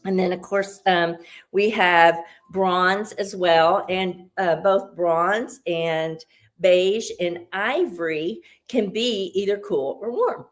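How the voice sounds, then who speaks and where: A woman's voice: lowish voice, slow. A woman giving a casual, upbeat beauty tutorial as a consultant, chatty and explaining step by step, a little out of breath.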